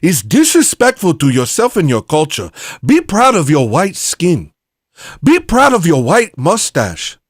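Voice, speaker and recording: A man's voice: fairly high pitch, huge pitch swings, a little slow, no room sound, studio quality, voice pushed up, heavily acted. A man putting on an African accent to play a preachy man lecturing white people on their culture, stern and drawn out.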